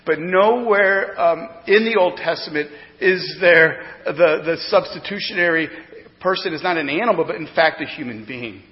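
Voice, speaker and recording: Emphatic preacher in an echoing church. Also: male voice, on the high side, moderate pace. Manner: emphatic preaching, swinging from loud to hushed. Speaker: pastor. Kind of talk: sermon. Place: church sanctuary. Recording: dull lo-fi sound with long hall reverb.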